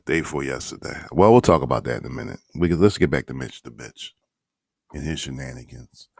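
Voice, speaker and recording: A man's voice: on the low side, no room sound, studio quality. A man hosting an online radio show, giving blunt, profane commentary with mocking asides.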